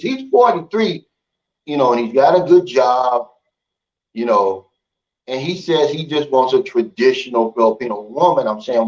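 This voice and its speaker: A man's voice: mid-range voice, expressive, moderate pace. A man hosting a livestream, talking in a blunt, folksy, opinionated way in casual chat. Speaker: livestream host. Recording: dull lo-fi stream audio.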